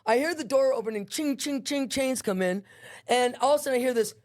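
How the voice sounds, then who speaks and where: A woman's voice: a little high, fast, darkish tone. A woman guest animatedly telling a personal testimony, acting out scenes with voices and sound effects.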